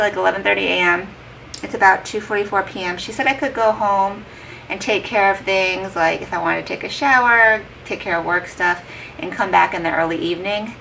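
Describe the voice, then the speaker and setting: A heavily pregnant young vlogger talks casually to her camera at home, retelling a conversation full of "like" and quoted dialogue. Her medium-pitched voice is brisk and sharp with vocal fry, picked up by a distant mic with faint background noise.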